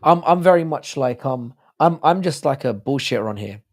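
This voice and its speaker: A British man with a hoarse, sore throat, hosting a livestream in casual, crude joking banter while reading out viewer comments. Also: medium pitch, lively intonation, moderate pace. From United Kingdom. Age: adult with a child. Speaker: livestream host.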